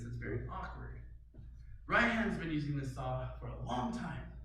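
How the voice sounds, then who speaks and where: Lively high-voiced man, very echoey room. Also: slight background noise. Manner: animated, dramatic storytelling with sudden loud outbursts. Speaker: storyteller. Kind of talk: storytelling talk to an audience. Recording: very echoey room, mic far off.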